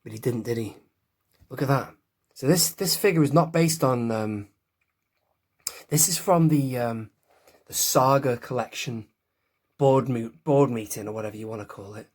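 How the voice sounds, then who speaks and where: Male host, chatty collector vlog, mid-pitched, rambling with lots of asides. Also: moderate pace, pauses often. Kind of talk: casual toy review vlog.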